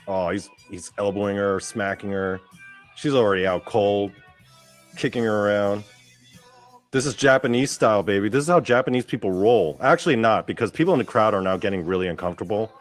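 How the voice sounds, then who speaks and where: A man hosts his own show with a fairly low voice. He gives loose, profane and excitable commentary as he watches a clip. Faint music plays underneath him. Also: brisk. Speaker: podcast host. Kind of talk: casual commentary over a wrestling clip.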